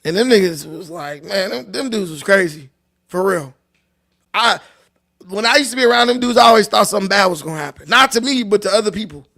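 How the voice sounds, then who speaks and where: Casting: high-pitched, gravelly-voiced man from Long Beach, loose profane storyteller. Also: lively intonation, a little fast, pushed and bright. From Long Beach, California. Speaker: livestream host. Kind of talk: casual storytelling.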